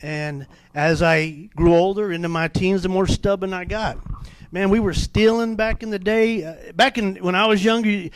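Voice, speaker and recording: A man giving an animated personal testimony at a church men's meeting, with many fillers and restarts. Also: high-pitched, normal speed, smooth, no echo. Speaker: testimony speaker.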